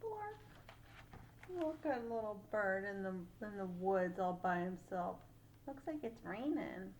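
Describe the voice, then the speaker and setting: An older woman, a great-aunt, reading a picture book aloud to children in an animated, playful way, pausing to ask questions. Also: mid-range voice, noisy background.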